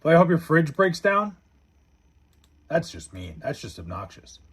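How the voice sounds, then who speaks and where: A man's voice: fairly high pitch, big pitch swings, measured pace, breathy edge. A young man from Long Island, New York, chatting on a live stream and reading viewer comments aloud in a blunt, profane, half-laughing way.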